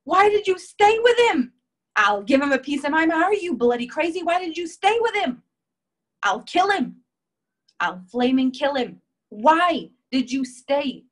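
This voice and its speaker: A woman voicing an older British grandmother who scolds in a loud, exasperated rush, swearing as she goes. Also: sits high, big pitch swings, measured pace, pitched above the performer's own voice. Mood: livid.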